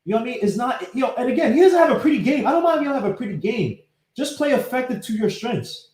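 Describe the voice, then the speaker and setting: A man with a very high-pitched voice hosts a casual sports podcast live-streamed from his home setup, animatedly breaking down game clips and greeting viewers by name. He talks fast while fumbling with his computer, and the room sounds echoey.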